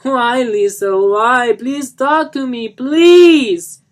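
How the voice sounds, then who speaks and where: A man's voice: extremely high pitch, drawn-out words, pitched above the performer's own voice, full character voice. A man voicing a melodramatic, overwrought man who pleads and rages. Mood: anguished shouting. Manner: strained, overblown outbursts.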